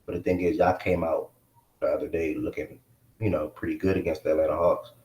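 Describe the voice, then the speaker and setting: A man's voice: rumbling low, flat delivery, fairly quick, a little mellow, roomy sound. A man hosting a casual live sports chat stream, talking in a laid-back way full of slang. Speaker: host.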